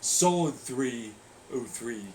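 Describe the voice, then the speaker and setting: A man's voice: medium pitch, slow pace, a little hiss or hum. A young man animatedly telling racing stories in casual chat, swearing and laughing often. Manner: animated, swearing, laughing often, quoting people in mock voices. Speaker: racer.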